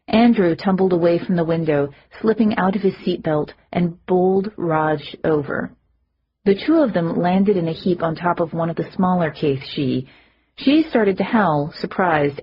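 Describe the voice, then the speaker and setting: A woman reading a first-person audiobook, lively, rising in pitch when characters shout. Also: husky. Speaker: audiobook narrator. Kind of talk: audiobook narration with character voices. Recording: muffled lo-fi audio.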